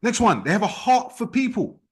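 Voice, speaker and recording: Man, high-pitched voice, motivational trainer, emphatic, repeats himself. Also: very animated, normal speed, husky. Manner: emphatic, repetitive, challenging. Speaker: sales team trainer.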